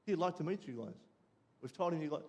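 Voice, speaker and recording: Australian pastor telling a lively story. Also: male voice, fast talker. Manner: lively storytelling, dropping low and quiet for the lesson. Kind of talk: sermon with personal story. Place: church.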